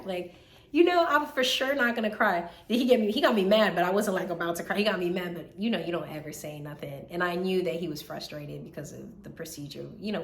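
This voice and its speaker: A woman in her twenties, a medical student vlogging in a casual, animated way, tired and still recovering from being sick, with lots of fillers and repeated words. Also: on the low side. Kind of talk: casual chat. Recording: echoey room, faint background hiss.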